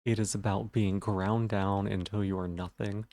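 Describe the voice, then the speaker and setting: A man's voice: fairly low pitch, level tone, normal speed, dark tone, no echo. Stuttering man chatting on a live stream. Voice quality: stutters on some words. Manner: rambling, self-deprecating, talking to chat. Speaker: game streamer. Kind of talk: casual live-stream chat.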